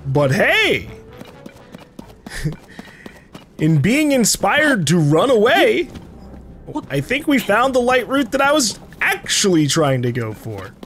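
A man's voice: high voice, huge pitch swings, takes it slowly, pauses often, fairly bright tone, faint music behind. A man giving gameplay commentary, swearing freely and yelping and laughing in panic. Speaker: let's play host.

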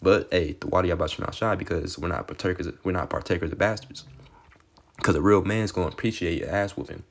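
A man's voice: low-pitched, creaky. A man preaching a casual street-style sermon, reading scripture aloud and talking conversationally, often tagging lines with "okay" and "man" and swearing freely. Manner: excitable, sometimes rushes or drops to a murmur.

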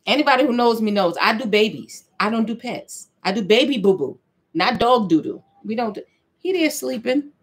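A woman, possibly older, chatting casually as she makes soap for her vlog, telling playful stories in a lively, animated way. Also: a little high, normal speed. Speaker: vlogger. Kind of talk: casual chat while making soap.

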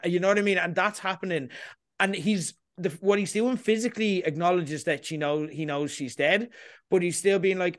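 A man hosting a casual podcast chat, talking in an animated way and often asking "you know what I mean". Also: high-pitched, fairly quick, dry recording, studio quality. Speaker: podcast host. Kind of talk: casual chat about a TV episode.

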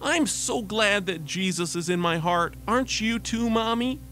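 A man's voice: high voice, animated, a little slow, soft background music, pitched above the performer's own voice, exaggerated voice. A man voicing a sweet, earnest little girl of about five in a radio devotional story. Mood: tender. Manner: pleading, gentle child voice.

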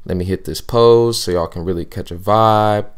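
This is a sassy young woman vlogger hyping up her outfits with boastful, teasing swagger, as a man puts her on in a comedic voiceover. The voice sits low, yet every line is pushed up with extra pep. The words ring smooth and clear. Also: normal speed, close to an everyday voice.

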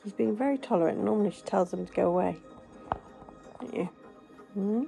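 A woman's voice: medium pitch, a little fast, gravelly, dark tone, soft background music. A woman, vlogging while talking baby talk to her pets. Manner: cooing baby talk to animals. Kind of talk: casual chat with pets.

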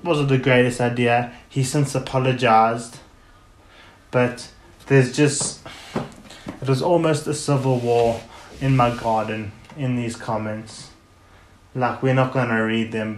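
A man's voice: medium pitch, level tone, measured pace, slight background noise. A man hosting a podcast alone, rambling in a blunt, casual way and swearing freely. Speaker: podcast host. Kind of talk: casual solo podcast chat. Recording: echoey room.

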